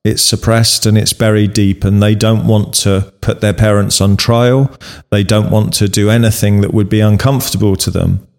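A man hosting an interview, reflecting in a measured way and repeating key words for emphasis. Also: on the low side, fairly even intonation, gravelly, darkish tone. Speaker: host.

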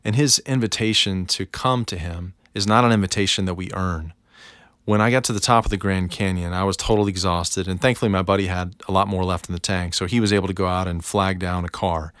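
A man hosting a devotional podcast, telling a personal story in a relaxed, conversational way. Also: low-pitched, brisk, no room sound, clean studio sound.

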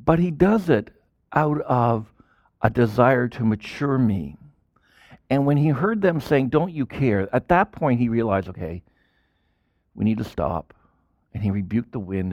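A man preaching a sermon as a pastor, in animated style with sudden loud bursts and quiet drops. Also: medium pitch, unhurried, dry recording, dull audio.

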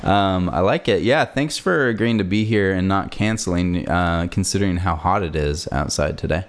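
A man's voice: deep voice, normal speed. A man hosting a casual podcast from his apartment, rambling with lots of fillers and self-deprecating asides. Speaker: podcast host. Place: hot apartment with a fan running.

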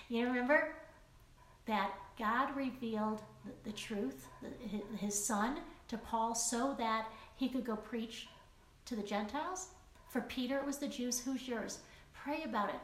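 An earnest woman in her forties leads a Bible study, talking in a fairly high voice and repeating her words as she goes. She sounds a little off the mic in an echoey room, with faint ambience behind her. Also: moderate pace. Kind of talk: Bible study teaching and prayer. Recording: echoey room, voice a bit distant.

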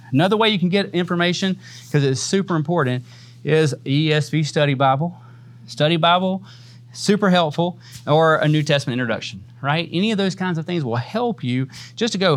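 Leading a church Bible class, a man talks casually and conversationally, often tossing in "man" and "right?" and laughing easily. His voice is a little high.

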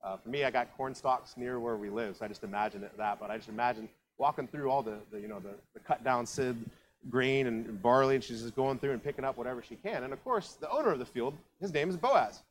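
Brief: easygoing man preaching, talks as if to friends, mid-pitched, faint hiss behind. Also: fast, rough recording. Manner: conversational storytelling, lots of asides. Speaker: pastor. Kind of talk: sermon. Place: church.

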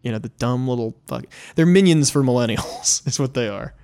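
A man's voice: medium pitch, lively intonation, a little fast, a little mellow, clean tone. A young man co-hosting a podcast in casual chat, rambling and profane, laughing often. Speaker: podcast co-host.

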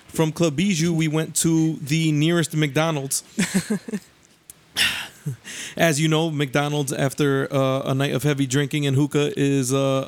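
A young man casually telling a story on a podcast, animated and slangy, often laughing and jumping into voices. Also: clear, resonant tone. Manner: animated, laughing, acts out voices with rising pitch; profane, slangy.

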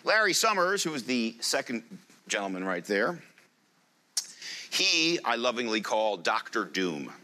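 Lively joking man presenting on stage. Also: medium pitch, a little slow. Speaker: conference speaker. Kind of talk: live presentation to an audience.

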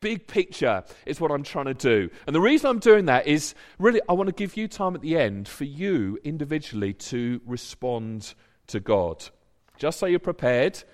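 A man preaching a sermon in an earnest, conversational way, building to emphatic points. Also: medium pitch.

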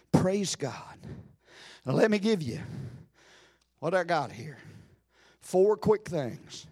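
A man preaching a sermon with fervor, repeating phrases, calling out praise and rising to shouted exclamations. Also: high-pitched, very animated, extremely slow, pauses often, breathy edge. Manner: repeats phrases and calls out hallelujah.

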